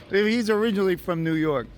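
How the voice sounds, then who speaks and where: Strolling through city streets for his travel vlog, a man narrates a walking tour casually, thinking out loud. He has a high voice and a moderate pace, and outdoor street noise is audible.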